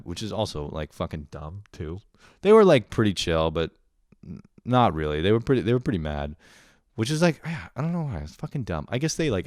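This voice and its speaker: Low-voiced, profane young man rambling. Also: no echo, studio quality. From Canada. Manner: profane, rambling, laughing often. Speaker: podcast host. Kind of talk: casual monologue.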